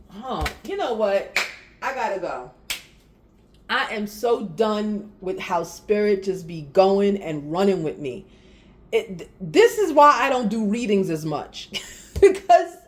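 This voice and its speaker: A woman gives a casual spiritual reading, talking directly to her viewers in an unhurried way. Her pitch rises and falls widely as she laughs and makes exasperated asides. A faint hiss sits under the voice. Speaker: tarot reader.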